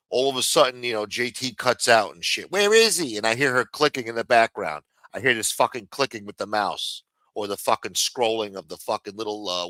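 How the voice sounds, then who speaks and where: A man's voice: mid-range voice, pushed and bright, no echo. A man ranting casually on a livestream, swearing constantly and getting heated as he mocks people. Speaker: livestream commentator. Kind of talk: casual profane rant.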